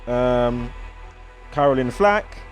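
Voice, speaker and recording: Here the British-accented vlogger sounds animated yet slow, his mid-range voice rambling casually as he lists off numbers over soft background music.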